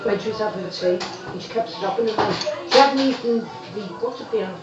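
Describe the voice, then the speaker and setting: A woman's voice: mid-range voice, fairly quick. A woman telling a rambling story in casual chat at home, quoting what others said. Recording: distant muffled echoey room pickup. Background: music playing.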